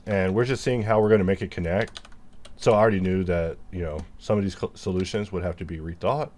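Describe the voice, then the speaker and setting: A man's voice: low-pitched, fairly even intonation, quick pace, a little mellow. A man casually talking through his 3D modeling work, rambling and cracking self-mocking jokes as he goes. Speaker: 3D modeler teaching his workflow. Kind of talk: casual commentary while modeling on screen.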